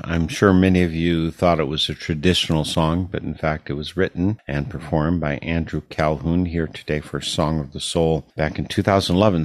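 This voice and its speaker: A man's voice: low voice, no echo. A man from Wisconsin hosting a casual radio interview with a musician, curious and chatty. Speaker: radio host.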